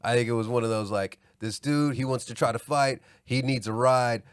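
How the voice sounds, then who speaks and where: A man co-hosting a podcast, telling a story in casual chat and acting out yelled quotes with lots of laughter. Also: mid-range voice, steady tone, moderate pace, smooth, no room sound, studio quality. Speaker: podcast co-host.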